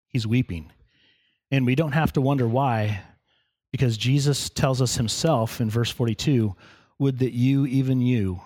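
A man's voice: mid-range voice, darkish tone. A man preaching in a church in a conversational sermon, with humorous asides to the congregation. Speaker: pastor.

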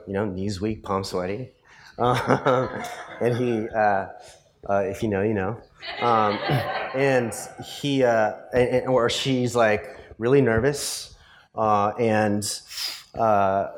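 A male pastor preaching a sermon in a conversational storytelling way, full of fillers and tag questions. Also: on the low side. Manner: rises to passionate emphasis in the closing points.

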